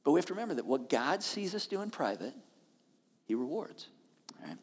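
A woman's voice: low-pitched, very animated, fairly quick, slightly rough, big-room sound. A woman pastor preaching a sermon on a church stage, talking in a conversational way with frequent check-ins to the listeners.

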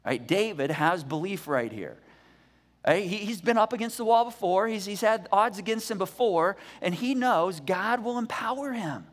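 A man preaching a sermon as pastor, energetic and conversational, often restarting his words. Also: sits high, moderate pace. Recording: echoey church hall reverb.

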